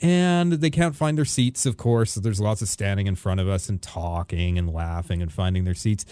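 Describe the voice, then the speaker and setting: A man's voice: fairly low pitch, normal speed, dark tone, smooth, dry recording. A man co-hosting a podcast, telling an exasperated story and acting out the people in it. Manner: exasperated, acts out people in his stories. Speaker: podcast co-host. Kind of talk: animated storytelling rant.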